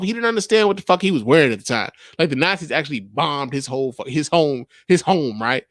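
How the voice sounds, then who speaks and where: A man's voice: on the high side, very animated, fairly quick, fairly bright tone, dry recording, clean studio sound. A man from the United States hosting a podcast, talking in a casual, profane, rambling way full of fillers and restarts. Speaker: podcast host. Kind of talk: casual commentary.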